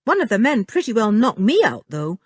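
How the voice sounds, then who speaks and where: A woman's voice: a little high, sing-song, a little fast, slightly rough, no room sound, voice pushed up. Woman voicing a plucky hurt young boy in a storybook. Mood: earnest.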